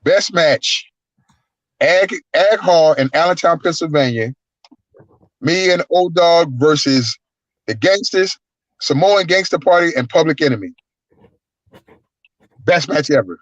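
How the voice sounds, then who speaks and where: A man, a guest wrestler, telling stories in an animated, profane way and acting out the voices. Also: fairly high pitch, a little slow, long pauses, dry recording. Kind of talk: casual storytelling. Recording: dull lo-fi, dry sound.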